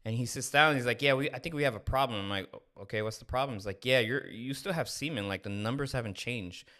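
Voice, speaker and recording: A man in his thirties, a podcast co-host, tells a candid personal story in a fast, medium-pitched voice. He's animated and acts out the dialogue as he goes, in a casual storytelling style.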